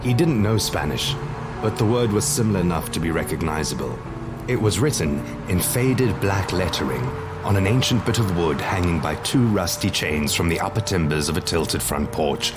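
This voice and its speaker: Male narrator, deep voice, scripted horror story, measured and dramatic, music underneath. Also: animated.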